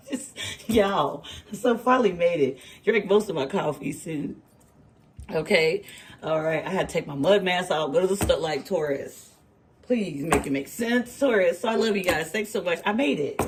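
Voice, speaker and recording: A woman tarot reader chatting casually and telling an animated story, laughing and using slang. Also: fairly low pitch, a little hiss or hum. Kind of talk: casual chat. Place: home kitchen, early morning.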